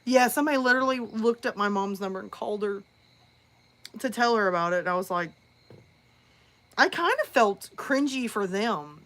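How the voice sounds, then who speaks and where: A woman's voice: mid-range voice, normal speed, long pauses, a bit bright. A woman who narrates horror, chatting casually on a live stream and telling a story in a rambling way.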